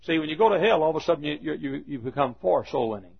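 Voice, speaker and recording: Dramatic high-voiced male preacher. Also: racing, vocal fry, breathy edge. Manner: dramatic, acts out characters, emphatic. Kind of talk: sermon. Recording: dull lo-fi recording.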